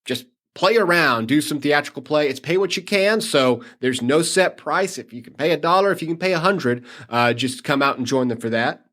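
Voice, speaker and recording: A man's voice: a little high, expressive, normal speed, few pauses, fairly bright tone. A man who works as a city tourism manager, talking upbeat through upcoming events on a podcast. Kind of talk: casual interview talk.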